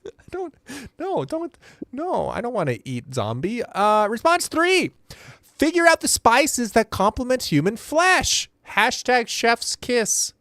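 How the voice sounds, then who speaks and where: A playful man hosts a comedy game show, reading answers aloud with a lively, swooping voice. He laughs at himself easily and keeps an unhurried pace. The recording is dry and close. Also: very high-pitched, dry recording. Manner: playful, self-deprecating, quick to laugh.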